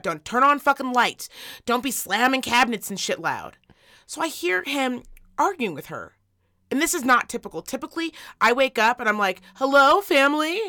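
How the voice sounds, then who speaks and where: Bright-voiced profane storytelling woman. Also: a little high. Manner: profane, animated storytelling with acted-out quotes. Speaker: podcast co-host. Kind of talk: casual chat, storytelling.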